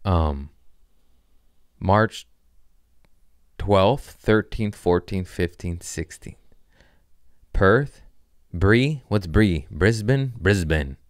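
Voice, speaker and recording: Comedian guy about forty just riffing, low voice, super dry sound, swears a lot. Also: animated, very slow, pauses often, no echo. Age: around 40. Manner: loose, jokey, profane, riffing off the cuff. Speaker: comedian podcast host. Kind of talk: rambling casual chat.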